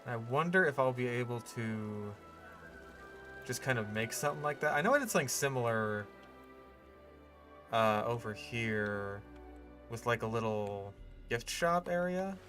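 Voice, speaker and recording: A man's voice: medium pitch, expressive, a little slow, pauses often, a bit bright, soft background music. A man chatting casually as he builds in a park game, rambling and thinking aloud with plenty of fillers. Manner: musing, rambling, lots of fillers. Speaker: gaming channel host.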